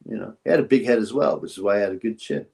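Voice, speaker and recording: A man's voice: on the low side, lively intonation, racing, vocal fry, a little mellow. Rambling male boxing stream host. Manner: rambling and chatty, thinks aloud with fillers; reads out donations and thanks viewers. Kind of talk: casual livestream chat.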